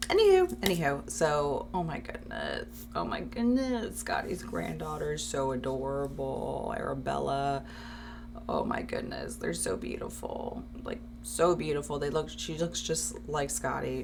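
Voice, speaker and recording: A woman's voice: very deep voice, vocal fry. A woman hosting her show, talking emotionally and rambling with many fillers in a casual tribute. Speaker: host.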